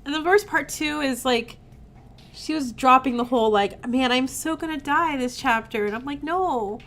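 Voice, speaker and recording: Sick-sounding woman streamer, higher voice. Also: moderate pace, a bit bright. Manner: chatty, reacts with sighs and groans between read lines. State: recovering from illness, sick-sounding voice. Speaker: let's play streamer. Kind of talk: casual gameplay commentary and reading game text aloud.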